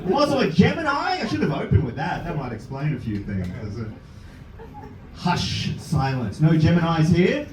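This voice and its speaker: A man's voice: fairly high pitch, big pitch swings, normal speed. A man with an Australian accent doing a crude stand-up set on a comedy club stage, riffing brashly with the audience. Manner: brash, crude crowd work. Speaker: stand-up comic. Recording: roomy club sound from far off, loud crowd.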